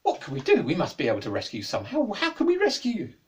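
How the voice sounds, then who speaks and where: Guy putting on an eager young girl, high breathless storybook voice, bit far from mic. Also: wildly swooping pitch, quick pace. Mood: excited.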